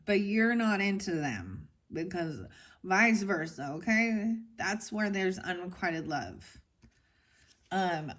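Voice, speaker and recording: A woman's voice: on the low side, expressive, takes it slowly, a bit bright. A woman giving a casual tarot reading to her viewers, rambling and frank, going off on tangents. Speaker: tarot reader.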